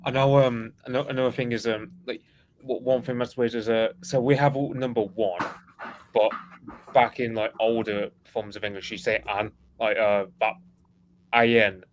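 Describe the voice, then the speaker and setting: Livestream co-host, male, low, faint background noise, rambling and filler-heavy. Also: poor audio. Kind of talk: casual live-stream chat.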